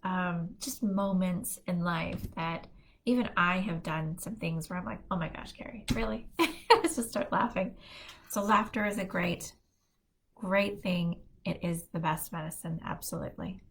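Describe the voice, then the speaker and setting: A woman's voice: fairly low pitch, a little slow, slight background noise. A middle-aged woman hosting a casual live stream, telling family stories in a chatty way and laughing often as she talks. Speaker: host of a positivity live stream.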